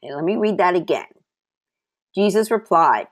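A woman with a low voice teaching from the Bible in a devotional style. She speaks with an animated, lively delivery and drives her points home by repeating key phrases. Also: moderate pace. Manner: personal testimony mixed with scripture reading.

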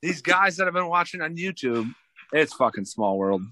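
A man's voice: fairly high pitch, big pitch swings, normal speed, bright, forceful tone. A young adult man, a musician guest, chatting casually and telling stories with swearing and laughter. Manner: loose, profane, laughing storyteller. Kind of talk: casual chat.

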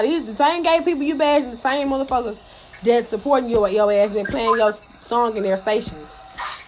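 A woman's voice: on the high side, normal speed, background noise. A woman speaking into a phone in a live audio chat room, telling stories and ranting bluntly with lots of cursing and acted-out quotes. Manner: blunt, heated, animated, heavy cursing, acts out quotes. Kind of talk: casual profane rant and storytelling.

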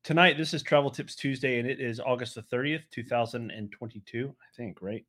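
A man's voice: mid-range voice, fairly quick, a bit bright. A man co-hosting a live travel show in casual chat, rambling with many fillers and restarts. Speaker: co-host of a travel podcast.

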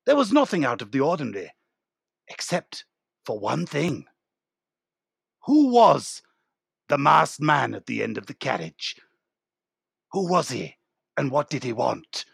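Man doing a pompous rambling writer, gravel in the voice. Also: medium pitch, big pitch swings, measured pace, pauses often, dry recording, clean studio sound, heavily acted. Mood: storytelling. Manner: rambling, self-satisfied improv guest. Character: pompous male author of a train murder novel. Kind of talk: improvised comedy interview.

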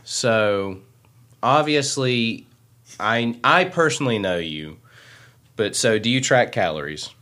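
A man's voice: mid-range voice, animated, takes it slowly, sharp tone. Rambling, jokey young man. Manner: rambling, jokey, trails off mid-thought. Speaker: podcast co-host. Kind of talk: casual chat.

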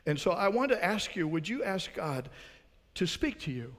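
A man's voice: sits high, sing-song, normal speed, fairly bright tone, big-room sound. A man preaching a sermon as pastor, earnest, putting rhetorical questions to his congregation.

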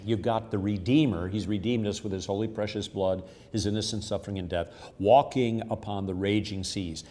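Low-voiced man teaching scripture earnestly. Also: darkish tone. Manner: earnest, explanatory, repeats key phrases. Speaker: devotional podcast host.

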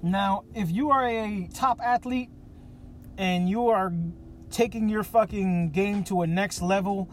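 A man's voice: sits high, unhurried, slight background noise. A man hosting a podcast, talking in a casual monologue that is profane, jokey and ranting. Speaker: podcast host.

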